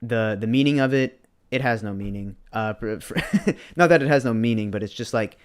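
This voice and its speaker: A man's voice: lowish voice, a little fast, clear, resonant tone. A young man co-hosting a podcast livestream, chatting casually with laid-back slang and answering viewers' chat. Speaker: podcast co-host.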